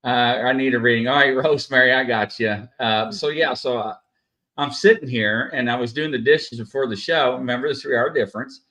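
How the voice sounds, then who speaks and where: A man's voice: medium pitch, a little fast, pushed and bright. Chatty man hosting a live stream. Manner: chatty, many "uh" fillers, greets viewers by name. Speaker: host. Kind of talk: casual live-stream chat.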